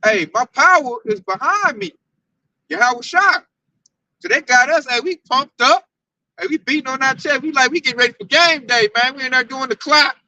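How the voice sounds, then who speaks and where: Hyped high-voiced man preaching, off-mic. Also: normal speed, dry recording, recorded from a distance, low-quality recording. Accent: Southern US. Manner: loud, slangy, hyped-up preaching. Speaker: Hebrew Israelite teacher. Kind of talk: animated scripture teaching.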